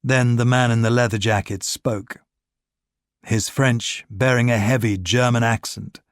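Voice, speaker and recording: Scripted wartime thriller narration comes from a male audiobook reader whose mid-range voice stays steady and measured. The recording is dry and of studio quality.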